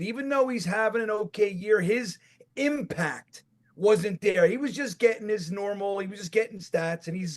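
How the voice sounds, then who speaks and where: High-voiced profane ranting sports podcaster. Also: male voice. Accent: New York. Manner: animated, profane, ranting, building to shouts. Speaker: podcast co-host. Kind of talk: casual sports talk.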